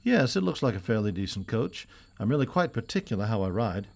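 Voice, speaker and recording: Man doing a foppish young dandy, affected, prissy, refined, slightly raised pitch, audiobook. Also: sing-song, a little fast, vocal fry, heavily acted. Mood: haughty. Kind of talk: audiobook character reading.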